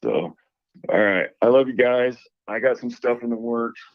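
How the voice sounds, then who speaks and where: A man's voice: medium pitch, moderate pace, no echo. A man telling a story in a casual, rambling way, full of restarts, heard over a tinny line. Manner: rambling, hesitant, with many restarts.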